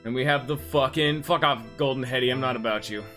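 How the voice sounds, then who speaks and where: A man's voice: medium pitch, quick pace, music in the background. A man giving joking, sarcastic let's play commentary as he plays, swearing freely. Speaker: gameplay commentator.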